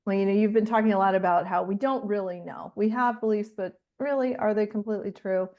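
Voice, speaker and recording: Female guest, spiritual teacher, middle-aged, steady and reflective. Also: medium pitch, lo-fi sound. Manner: calm, measured, thoughtful. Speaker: spiritual coach and author, guest.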